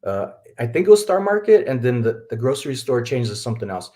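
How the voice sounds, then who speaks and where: A man's voice: mid-range voice, sing-song, fast talker, mellow. Chatty rambling man on a live stream. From Texas. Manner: rambling, chatty, laughs often, talks to viewers as folks. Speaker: livestream host, reseller. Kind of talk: casual live-stream chat.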